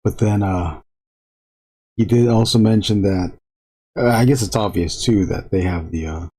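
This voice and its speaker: Mellow low-voiced man chatting on stream. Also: husky. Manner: rambling, halting, frequent restarts and fillers. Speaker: illustrator live-streaming. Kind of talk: casual live-stream chat while drawing.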